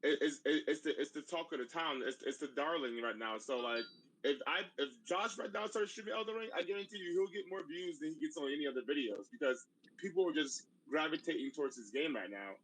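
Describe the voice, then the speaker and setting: This is a man in a casual podcast chat, ranting in a heated and fired-up way. He talks very fast, and his voice sits slightly high for a man. A faint hiss lies under the recording. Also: a bit bright, low-quality recording. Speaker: podcast co-host.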